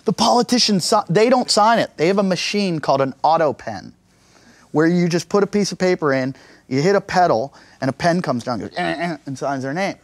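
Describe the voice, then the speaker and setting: A man's voice: fairly high pitch, animated, a little fast, no room sound. A man doing a stand-up comedy set, telling crude stories in a conversational way and acting out the voices of the people in them. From United States.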